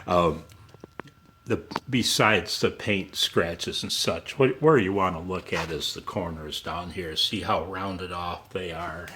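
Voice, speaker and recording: A man with a deep voice vlogging casually at home and in his garage, laid-back and quick to laugh, saying "man" a lot. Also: pushed and bright, slight background noise. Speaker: ham radio vlogger. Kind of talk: casual vlog chat.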